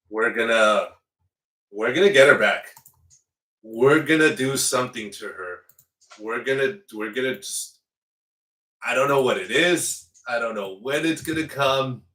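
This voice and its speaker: A man's voice: fairly low pitch, sharp tone, distant mic. A man hosting a strategy game playthrough in casual commentary, slipping into playful mock outrage as his ruler. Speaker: let's play host. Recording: roomy echo, away from the mic.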